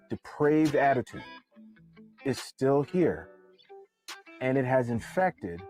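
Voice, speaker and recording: A man giving his opinion in a casual commentary. He talks emphatically and slows down with deliberate pauses to land each point. Faint guitar music plays behind him. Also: mid-range voice, a little mellow. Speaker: commentator on a clip.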